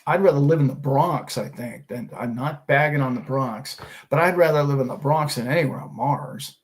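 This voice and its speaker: A man's voice: medium pitch, moderate pace. A middle-aged man hosting a finance show, talking in an enthusiastic, preachy way full of rhetorical questions. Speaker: host of a finance and crypto show. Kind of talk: casual motivational talk.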